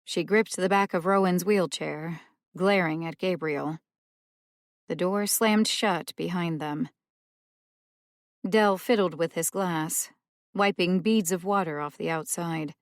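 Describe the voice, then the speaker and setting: A woman reading a mystery audiobook as narrator, in a slow, even manner. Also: fairly low pitch, dry recording, clean studio sound. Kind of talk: scripted narration.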